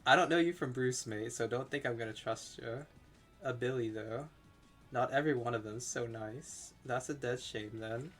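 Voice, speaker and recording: Man doing a loud slangy bush hunter, put-on Australian accent, game dialogue read aloud. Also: medium pitch, moderate pace, faint music behind, close to an everyday voice. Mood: brash.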